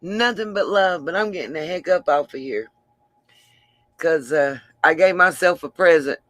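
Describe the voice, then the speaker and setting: A woman's voice: lowish voice, moderate pace, dry recording. A woman hosting a livestream, chatting affectionately with viewers and laughing often, tired after a long stream. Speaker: livestream host. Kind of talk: casual livestream sign-off chat.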